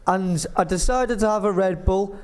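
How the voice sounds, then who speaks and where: Young guy on a podcast, kinda high voice, rambly story, does other people's lines. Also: moderate pace, smooth. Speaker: podcast co-host telling a travel story. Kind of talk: casual comedic storytelling.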